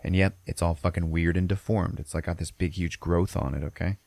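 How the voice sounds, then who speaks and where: A man's voice: low-pitched, fairly even intonation, brisk, vocal fry, darkish tone, no echo. A man hosting a podcast, retelling a film plot in a loose, profane, rambling way. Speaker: podcast host. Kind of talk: casual film recap.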